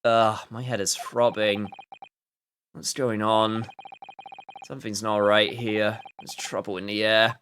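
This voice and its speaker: A man's voice: lowish voice, little pitch movement, slow, long pauses, a bit bright, a little hiss or hum. A man giving casual, joking gameplay commentary, reacting aloud and reading dialogue.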